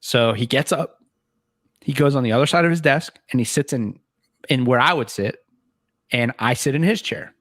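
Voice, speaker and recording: A man co-hosts a podcast and spins a long, rambling anecdote at a mid pitch, often quoting others and restarting his sentences. The recording is dry and close, with no room sound. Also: moderate pace, pauses often, fairly bright tone, no room sound. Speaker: podcast co-host. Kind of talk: casual storytelling.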